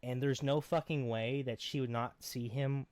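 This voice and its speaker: A man's voice: mid-range voice, steady tone, normal speed, a little mellow, clean tone. A man co-hosting a podcast, casually recapping a film in a rambling, profane, sarcastic way. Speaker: podcast co-host.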